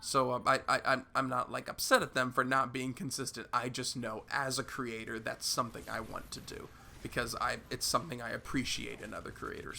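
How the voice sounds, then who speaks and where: A young man hosting his gaming channel with a sick, gravelly voice. He rambles loosely with plenty of "uh"s and restarts. His tone stays bright and forceful under the hoarseness. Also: medium pitch, little pitch movement, fairly quick, slight background noise. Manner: rambling, repeats words and fills with "uh". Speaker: YouTube gaming channel host. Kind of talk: casual vlog Q&A.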